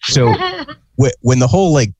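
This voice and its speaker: A man's voice: medium pitch, animated, moderate pace, a little mellow, slightly rough, no echo. A man hosting a casual interview, laid-back, asking open questions. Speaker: podcast host.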